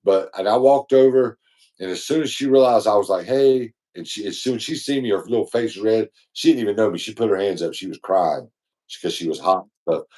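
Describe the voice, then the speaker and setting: A man's voice: fairly low pitch, fast talker, warm tone. A man co-hosting a podcast, telling a long, rambling, slangy story in casual chat. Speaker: podcast co-host.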